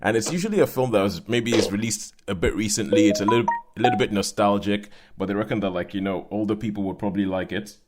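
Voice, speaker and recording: Male host, lowish voice, teasing casual chat, quick laughs. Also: loud music behind the voice. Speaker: podcast host.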